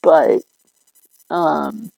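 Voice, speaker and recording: A woman's voice: low voice, flat delivery, extremely slow, gravelly, mellow, no echo, rough recording. A middle-aged woman hosting a livestream, rambling along in casual chat and laughing often. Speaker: livestream host.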